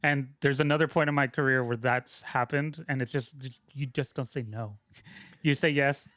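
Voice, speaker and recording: A man's voice: medium pitch, fairly even intonation, normal speed, fairly bright tone, no echo. Rambling guest man, dry close mic. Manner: rambling, self-interrupting, frequent "like" fillers. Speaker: podcast guest, sound mixer. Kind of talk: casual conversational storytelling.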